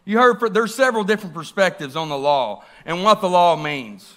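A man preaching a sermon in a church, animated and often asking the congregation questions. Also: high-pitched, a little fast.

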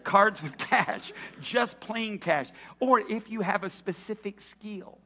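Preaching man with hushed whispers. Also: high voice, takes it slowly, a little hiss or hum. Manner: storytelling, swings from loud to hushed whispers. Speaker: pastor. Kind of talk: sermon.

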